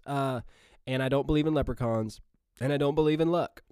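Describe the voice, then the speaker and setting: A man's voice: medium pitch, moderate pace, darkish tone, smooth, dry recording, studio quality. Folksy Missouri-accented man preaching. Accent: Southern US, Missouri. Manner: folksy and earnest, with frequent fillers and restarts. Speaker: podcast host and preacher. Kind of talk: casual podcast sermon.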